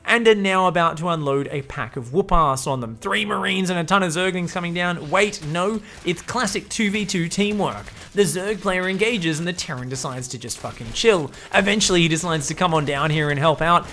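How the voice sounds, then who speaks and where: A man's voice: high-pitched, moderate pace, hardly any pauses, sharp tone, slight background noise. A man giving comedic game commentary, profane, joking and sarcastic.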